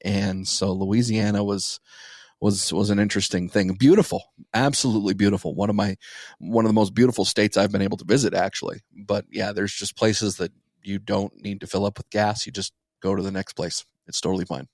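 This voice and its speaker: A man from Las Vegas with a fairly low voice co-hosts a podcast in a relaxed, easygoing way. He talks casually about places he has been and leans on "like" as he goes. The sound is dry and close to the mic. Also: a little fast, no room sound. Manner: relaxed, easygoing, says "like" often. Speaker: podcast co-host. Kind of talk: casual chat.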